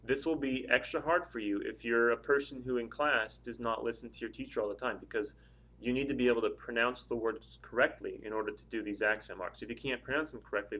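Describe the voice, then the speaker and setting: A man's voice: fairly low pitch, a bit bright. Patient man teaching a language lesson. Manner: slow, careful, repeats words to model pronunciation. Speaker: Spanish teacher. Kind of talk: recorded classroom lesson.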